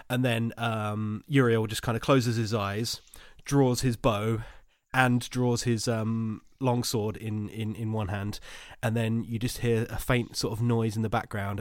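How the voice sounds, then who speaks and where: A man playing a tabletop game, describing his character's actions hesitantly with many pauses. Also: mid-range voice, no echo, clean studio sound. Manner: hesitant, many ums and restarts. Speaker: player. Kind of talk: casual tabletop play.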